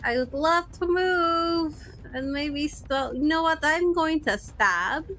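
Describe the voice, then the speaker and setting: A woman player at a tabletop game, excited and easygoing. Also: high voice, takes it slowly, faint music behind. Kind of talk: casual tabletop gaming chat.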